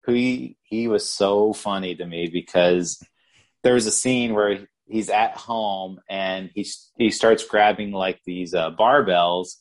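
Low-voiced male podcast co-host, loose rambling movie chat. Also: slow pace. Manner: rambling, many fillers and restarts. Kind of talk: casual movie review chat.

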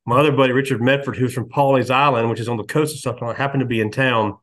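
A man, hosting a podcast and telling stories in a relaxed, chatty way, lively when he quotes others. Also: medium pitch, very fast. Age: 50s. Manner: storytelling, animated when quoting others. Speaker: podcast host. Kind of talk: casual chat.

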